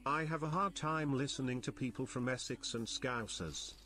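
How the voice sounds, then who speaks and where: A man's text-to-speech voice reading viewers' chat messages aloud, with a flat synthetic delivery and odd stresses. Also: medium pitch, normal speed. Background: loud music.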